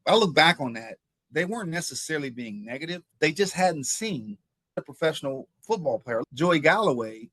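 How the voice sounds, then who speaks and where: A man in his fifties from Ohio, a former pro football player recounting his journey as an interview guest, with animated telling and frequent repeated words. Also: fairly high pitch, fairly quick, no echo. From Ohio, USA. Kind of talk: interview storytelling.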